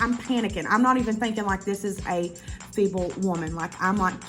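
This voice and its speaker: Animated, cursing storyteller woman. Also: mid-range voice, fast, faint music behind. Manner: animated, profane, addresses viewers as y'all. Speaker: YouTuber. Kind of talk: casual storytime vlog.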